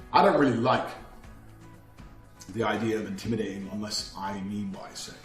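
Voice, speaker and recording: A man in his thirties giving a blunt, profane motivational talk, swearing constantly and acting out quoted exchanges. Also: mid-range voice. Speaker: motivational speaker. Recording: echoey room with faint music.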